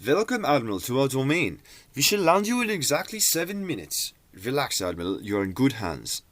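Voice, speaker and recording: A man voicing a calm, courteous male voice greeting a pilot over the radio, formal and reassuring. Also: medium pitch, brisk, no echo, voice pushed up. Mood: welcoming.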